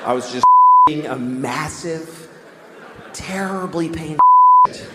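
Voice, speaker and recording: A man's voice: on the high side, slow, roomy sound, in a large hall, very noisy. A man doing stand-up comedy with wry, self-mocking storytelling.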